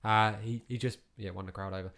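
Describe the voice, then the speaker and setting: This English podcast co-host has a gravelly, fairly bright voice on the low side, with a steady tone and a slightly quick pace. Chatting casually, he tells stories and performs the voices of anyone he quotes.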